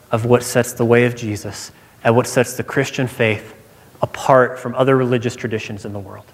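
Earnest male preacher in a reverberant hall. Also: mid-range voice. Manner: earnest, emphatic, repeats key lines. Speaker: pastor. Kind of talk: sermon.

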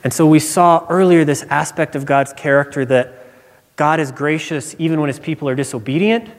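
A man's voice: a little high, moderate pace. A male pastor giving a conversational sermon, telling personal stories and explaining scripture. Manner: conversational preaching with personal anecdotes. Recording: long reverb of a large hall.

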